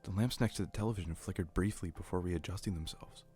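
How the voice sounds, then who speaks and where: A man narrates a horror story in a low, steady voice. His reading is earnest and even, with faint music playing underneath. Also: quick pace.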